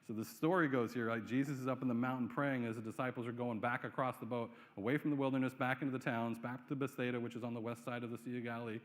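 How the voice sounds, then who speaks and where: A man's voice: mid-range voice, fairly even intonation, quick pace, few pauses, big-room sound. A male pastor preaching a sermon in a conversational way, asking the room rhetorical questions. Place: church sanctuary.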